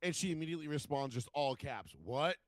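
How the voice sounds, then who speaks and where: A man's voice: medium pitch, animated, fairly quick, dry recording. A man, telling stories in casual podcast chat and swearing freely. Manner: storytelling, swears freely, acts out quotes. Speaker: podcast co-host.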